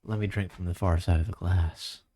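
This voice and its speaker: A man's voice: deep voice, steady tone, normal speed, warm tone, breathy edge. A young man chatting and joking on a casual stream while tasting beers, full and hiccuping. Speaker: streamer co-host.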